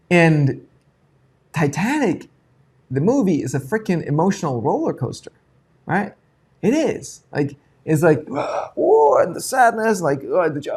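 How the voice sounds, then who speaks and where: Male live-show host, somewhat higher voice, unfiltered and profane, shifting between hushed and excited. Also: husky. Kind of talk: unscripted live talk.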